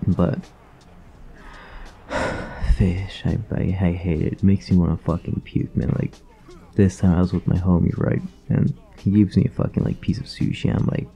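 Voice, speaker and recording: Tired, gravelly low-voiced young man. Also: little pitch movement, moderate pace, pauses often, lo-fi sound. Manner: profane, slangy, laid-back. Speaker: vlogger. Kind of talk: casual rambling storytelling.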